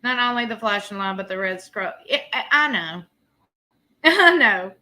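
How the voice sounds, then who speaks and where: A woman's voice: medium pitch, a little fast, pushed and bright. Blunt, sassy woman streamer in her thirties. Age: 30s. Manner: blunt, sassy, laughs often. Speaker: livestream host. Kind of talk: casual live commentary.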